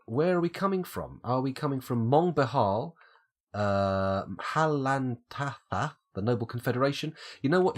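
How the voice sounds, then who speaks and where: Husky British streamer with a cold. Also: male voice, mid-range voice. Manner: thinking aloud, musing over options. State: has a cold, coughing. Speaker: live streamer. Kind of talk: live gameplay commentary.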